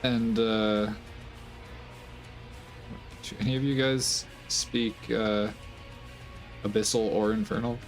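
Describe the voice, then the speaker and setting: A man's voice: on the low side, fairly even intonation, takes it slowly, long pauses, faint music behind. A man acting as game master in a casual tabletop game, explaining rules and narrating scenes plainly.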